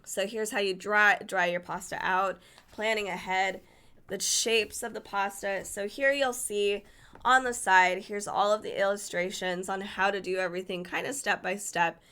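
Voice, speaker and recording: This cookbook reviewer has a mid-range voice with fairly even intonation, pushed and bright with a clean tone, at normal speed. She flips through the book casually, chatting eagerly and fumbling foreign dish names.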